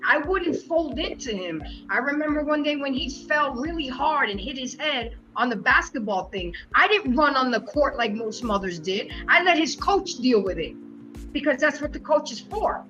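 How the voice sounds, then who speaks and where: A woman's voice: high voice, animated, normal speed, bright, forceful tone, faint music behind. A middle-aged woman hosting a live-stream discussion, talking frankly and with passion, cursing freely. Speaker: host. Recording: dull lo-fi stream audio.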